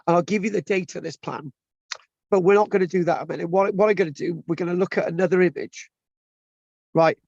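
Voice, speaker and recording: Talking at a quick pace, a lecturer with a high, gravelly, slightly mellow voice chats informally to his online class, with frequent restarts and tag questions. There's no room sound in this dull lo-fi recording.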